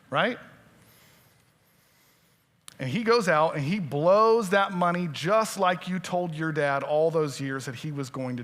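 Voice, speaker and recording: A man's voice: high voice, fairly bright tone. A male pastor preaching a sermon in a conversational way, often quizzing his listeners with questions. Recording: long church-hall reverb.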